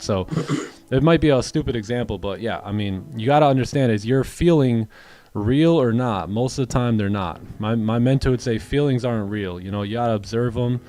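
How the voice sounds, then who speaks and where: A man's voice: mid-range voice, moderate pace, warm tone, faint music behind. A man hosting a live trading stream, answering chat questions in a rambling, casual way and often repeating words. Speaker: trading livestream host.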